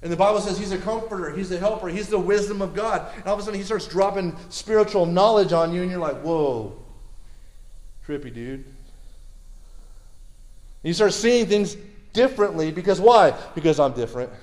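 A man preaching a sermon in a lively, conversational way, repeating words and asking the crowd questions. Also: high voice, fast, reverberant.

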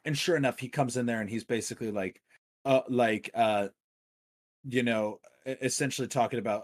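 A man's voice: mid-range voice, brisk. A man co-hosting a casual film discussion, talking with enthusiasm and rambling through many fillers. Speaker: podcast co-host.

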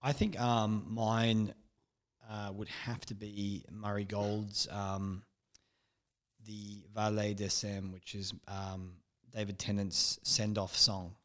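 A man's voice: fairly low pitch, little pitch movement, takes it slowly, fairly bright tone. A man co-hosting a casual fan podcast, laughing often and acting out quoted lines in put-on voices. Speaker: podcast co-host.

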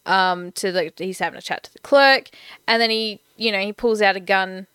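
A woman's voice: medium pitch, normal speed, fairly bright tone, clean tone, no room sound. A woman chatting casually and enthusiastically about a film, swearing often. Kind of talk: casual film recap chat.

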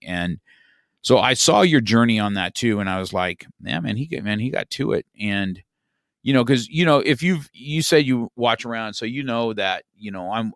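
A man's voice: on the low side, a bit bright, dry recording, clean studio sound. A middle-aged man, a podcast guest, telling a story in casual chat, rambling with many restarts and "you know, man.".

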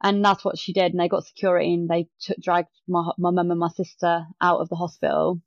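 A woman's voice: lowish voice, fairly quick, no echo. A woman, a podcast guest telling a story in casual chat and acting out the quotes. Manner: animated retelling with acted-out quotes. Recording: dull lo-fi dry sound.

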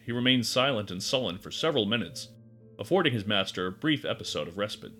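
A man narrating a dark story in a measured, expressive way. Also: on the low side. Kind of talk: dramatic audiobook narration.

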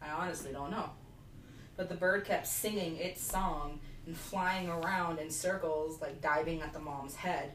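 A woman's voice: low-pitched, steady tone, measured pace, fairly bright tone. Young woman, loose casual storytelling. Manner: loose, filler-heavy retelling with many "like"s. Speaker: podcast host. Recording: roomy room, distant mic, faint hiss.

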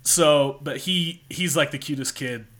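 A man's voice: a little high, unhurried, a bit bright. A man hosting a casual film podcast, easygoing and agreeable as he chats with his guest. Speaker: podcast host.

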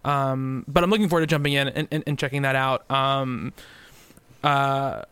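A man's voice: medium pitch, fairly even intonation, moderate pace, fairly bright tone, clean tone, no room sound. A man co-hosting a gaming podcast, chatting casually and rambling with frequent fillers and restarts. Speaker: podcast co-host. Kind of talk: casual chat.

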